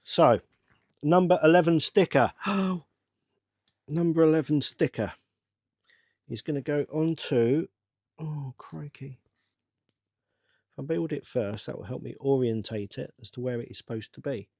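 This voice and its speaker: A middle-aged man, rambling to himself in a casual build-along chat with bursts of excitement. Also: on the high side, moderate pace, dry recording, studio quality. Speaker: channel host.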